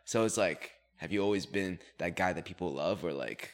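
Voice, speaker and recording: A man hosting a podcast and chatting casually, asking quick, teasing questions. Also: sits low, big-room sound. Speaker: podcast host. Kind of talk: casual interview chat.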